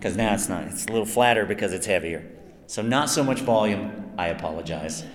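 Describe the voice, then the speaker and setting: A voice actor on a convention panel answers fan questions at a brisk clip, his voice on the low side. His long, lively anecdotes are chatty and self-mocking, and he acts out the quotes as he goes. Expect an echoey hall and some noise.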